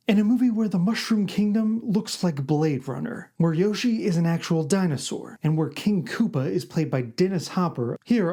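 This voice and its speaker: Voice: medium pitch, dark tone. A film reviewer in their forties giving scripted movie-list commentary in a wry, opinionated way, with casual asides.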